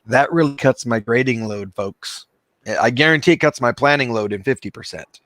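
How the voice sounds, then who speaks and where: A man's voice: medium pitch, normal speed, a bit bright, dry recording. A man teacher co-hosting a casual online chat, talking enthusiastically and addressing the audience. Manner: enthusiastic, emphatic, addresses listeners directly. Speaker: teacher and co-host.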